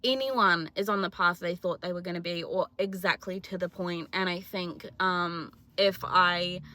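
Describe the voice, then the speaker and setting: A woman's voice: fairly low pitch, fairly even intonation, moderate pace, bright, forceful tone. A twenty-year-old woman with a New Zealand accent, talking in a chatty, self-mocking, jokey way in a casual confessional vlog. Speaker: vlogger.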